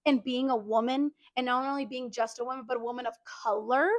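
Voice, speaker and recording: A young woman telling a workplace story in casual, animated chat, full of fillers like "like". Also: a little high, fairly quick, no room sound. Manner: animated, chatty, lots of "like". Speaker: podcast co-host.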